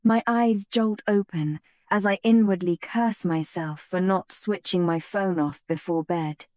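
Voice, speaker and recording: A woman narrating a fantasy romance audiobook in the first person, with a measured, intimate delivery. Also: fairly low pitch, steady tone, a little mellow, no echo, clean studio sound.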